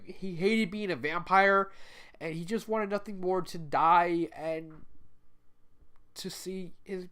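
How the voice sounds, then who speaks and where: A man's voice: sits high, a bit bright. A man giving a casual, rambling spoken review of a story, emotional and tearful, with many restarts and fillers. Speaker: fan fiction reviewer.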